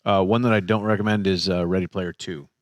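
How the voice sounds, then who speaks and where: A man co-hosting a podcast in casual chat, playful and animated, reading bits aloud and steering the talk back on track. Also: deep voice, a little fast, no room sound, clean studio sound. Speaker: podcast co-host.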